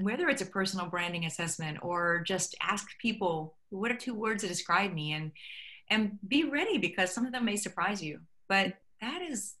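Woman, middle-aged, interview guest, bright clear tone, lowish voice, lively storytelling. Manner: animated storyteller acting out quoted dialogue. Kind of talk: conversational interview.

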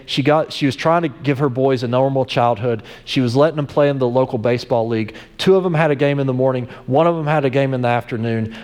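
Pastor preaching in a reverberant hall. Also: male voice, medium pitch, a little mellow. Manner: conversational storytelling with frequent restarts. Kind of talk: sermon.

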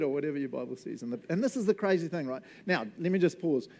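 A man giving a casual, animated sermon, laughing often and acting out voices. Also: medium pitch, fast talker, few pauses. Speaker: preacher.

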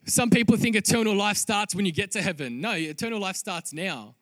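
A man preaching a sermon as a pastor, earnest and rising to loud, emphatic peaks. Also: high-pitched, fairly quick, no echo.

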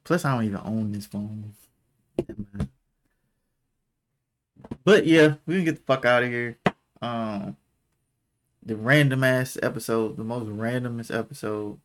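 A man co-hosting a relaxed couples podcast. He teases his partner and swears freely, often laughing between lines. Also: mid-range voice, unhurried, long pauses, slight background noise. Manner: teasing, profane, laughs often. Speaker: podcast co-host. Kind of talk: casual chat.

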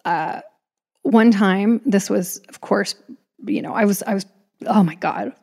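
A woman in her thirties tells a personal story in a loose, chatty way, doubling back and adding asides as she goes. Her voice has a gravelly, fry-laden texture at a middling pitch. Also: measured pace, dark tone. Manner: chatty, frequent restarts and asides.

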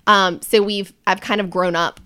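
A woman's voice: medium pitch, fairly even intonation, normal speed, pushed and bright, smooth. Frank, laughing woman guest. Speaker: podcast guest. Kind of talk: casual chat.

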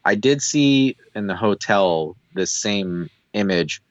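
A man's voice: on the low side, slow, no echo, muffled recording. A man co-hosting a podcast, animatedly recapping a TV episode and acting out what the characters say. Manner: animated storyteller who acts out quoted lines. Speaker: podcast co-host. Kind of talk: casual chat recapping a TV episode.

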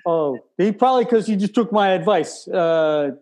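A man's voice: sits high, animated, moderate pace, darkish tone. A man in an improvised comedy sketch, bantering like a mobster. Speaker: comedy podcast regular.

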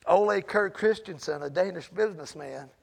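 Guy preaching a sermon, kinda high voice, gravelly and husky, chatty with the crowd then gets loud. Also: moderate pace. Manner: conversational, asks the congregation questions, builds to loud emphatic peaks.

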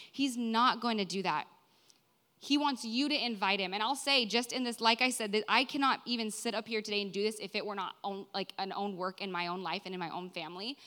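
A young woman in her twenties gives a sermon in a church, her tone bright and forward. She talks earnestly and conversationally, often tossing in "right?" and "like" as she speaks to the congregation. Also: mid-range voice. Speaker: preacher.

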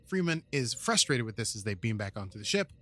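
A man hosts a casual podcast in a bright, forceful voice. He jokes around, laughs easily and then settles into recapping an episode. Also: mid-range voice, very animated, a little fast. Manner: playful, jokey, laughs often. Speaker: podcast co-host.

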